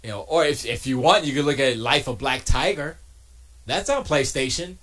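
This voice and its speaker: At medium pitch and normal speed, a man streams from his home studio, casually talking and replying to his chat as he jokes and argues in a lively way.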